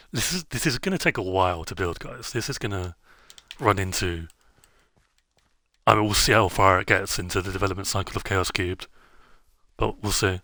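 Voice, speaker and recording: A man's voice: lowish voice, pushed and bright, no room sound, studio quality. A man streaming a game, chatting casually in a rambling way, with many fillers and self-interruptions. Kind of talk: casual gameplay chat.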